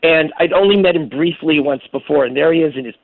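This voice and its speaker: A man, a guest architect, telling a lively story on a radio call-in show, acting out the voices in his quotes. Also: on the high side, quick pace, gravelly, no echo. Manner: animated storyteller who acts out quotes. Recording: tinny phone line.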